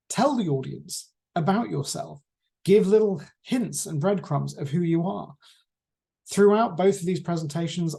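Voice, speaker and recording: A man teaching a class on presentation skills, lecturing in a measured way with deliberate pauses. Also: on the high side, creaky, dark tone.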